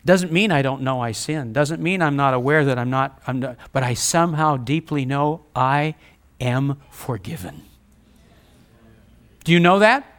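A man's voice: mid-range voice, lively intonation, unhurried, fairly bright tone. A man preaching a sermon, reading scripture aloud and speaking earnestly with repetition for emphasis. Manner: reads scripture aloud, conversational asides.

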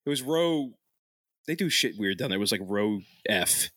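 A man's voice: on the low side, animated, moderate pace, fairly bright tone, no room sound, studio quality. A young man hosting a casual podcast, who laughs a lot, swears and rambles. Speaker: podcast host.

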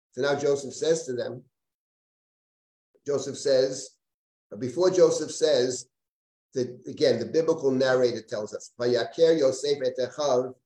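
A man's voice: medium pitch, dark tone. Male rabbi, live class lecture, talks in loops and restarts, echoey room. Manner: digressive, repeats and restarts, reads Hebrew verses aloud. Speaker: rabbi teaching a Bible class. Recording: roomy live class recording.

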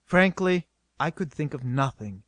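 A man reading an adventure novel aloud as narrator, with a steady, dramatic delivery. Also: fairly high pitch, unhurried, no echo. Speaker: audiobook narrator.

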